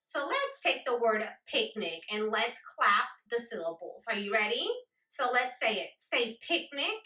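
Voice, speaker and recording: Slow, lively woman phonics teacher. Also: fairly high pitch. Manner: slow, deliberate, sounds out words. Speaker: literacy teacher. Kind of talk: children's phonics lesson. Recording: roomy echo, distant from mic.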